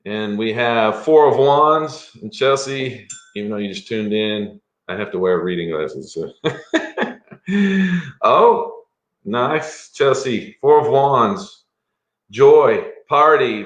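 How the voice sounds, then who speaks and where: A man's voice: medium pitch, fairly bright tone. A man doing a live-stream tarot reading as a psychic, chatty and rambling, with frequent chuckles. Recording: echoey room.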